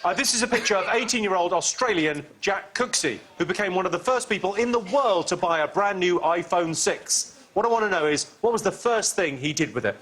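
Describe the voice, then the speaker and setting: Deadpan man hosting a comedy quiz. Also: high voice, brisk, hardly any pauses. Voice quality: deadpan, dry one-liners. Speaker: quiz show host. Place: TV studio with live audience. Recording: studio with clear audience laughter.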